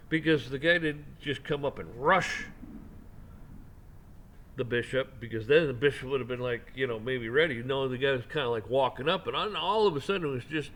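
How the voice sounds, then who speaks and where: A man's voice: medium pitch, a bit bright, a little hiss or hum. A man hosting a commentary channel, giving a casual opinion rant, rambling and often repeating and restarting his words.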